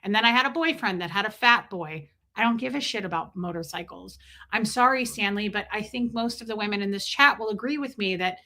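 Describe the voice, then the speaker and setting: On her live stream, a woman speaks fairly quickly in a bright, forceful, mid-range voice. Her chatter is blunt and sarcastic, and she reads chat names aloud to greet people.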